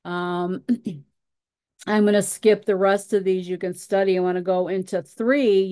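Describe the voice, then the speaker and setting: A woman's voice: mid-range voice, a little mellow, dry recording. A woman leading a Bible study who reads scripture passages aloud and explains them with frequent fillers and repeated words.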